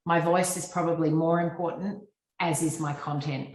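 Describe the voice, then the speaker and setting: An Australian woman presents to a business audience over a video call. Her voice sits low, and it carries a roomy echo. She talks fluently and instructively, with frequent ums. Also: steady tone, normal speed, a little mellow. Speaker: guest speaker on personal branding.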